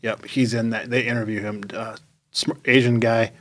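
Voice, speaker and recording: An excitable man co-hosts a laid-back fitness podcast. He jokes often and stumbles through restarts as his ideas tumble out. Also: mid-range voice, moderate pace. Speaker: podcast co-host. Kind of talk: casual chat.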